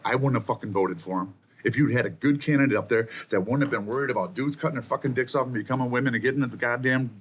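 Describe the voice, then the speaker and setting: A man's voice: medium pitch, muffled recording, a little hiss or hum. A man venting to his camera in an angry, profane political rant, jabbing "okay?" at the viewer. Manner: profane, combative, repeats "okay?" often. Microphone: camera mic.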